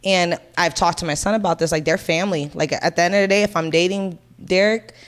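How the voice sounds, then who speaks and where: A woman's voice: fairly low pitch, steady tone, brisk. A Puerto Rican woman in her thirties, co-hosting a podcast, telling a family story in casual, blunt and profane chat. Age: 30s. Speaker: podcast co-host.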